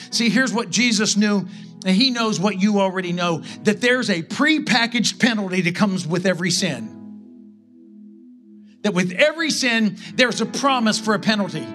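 A man preaching a sermon as pastor, impassioned, with slow dramatic pauses. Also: high-pitched, expressive, sharp tone, soft background music.

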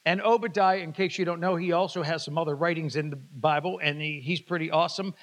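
High-voiced preacher in a reverberant hall. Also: male voice, steady tone, quick pace. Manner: retells scripture in casual paraphrase, calls on congregation to repeat. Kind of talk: sermon.

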